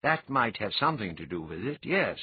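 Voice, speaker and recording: A man's voice: lowish voice, very animated, normal speed, husky, dry recording, full character voice. A man voicing a wry, laconic hero with dry replies. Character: wry seasoned thief, laconic. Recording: dull lo-fi audiobook recording.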